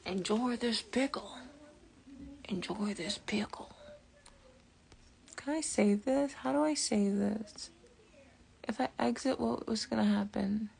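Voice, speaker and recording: A woman talks unhurriedly on a casual live stream, her voice carrying a gravelly fry. She rambles and thinks aloud, dropping into soft whispered asides now and then. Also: medium pitch, noisy background. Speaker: tarot reader and jewelry maker.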